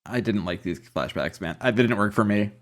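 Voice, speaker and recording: A man's voice: lowish voice, lively intonation, a little fast. A man co-hosting a podcast, bantering loosely and swearing as he jokes about a show. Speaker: podcast co-host. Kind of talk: casual chat.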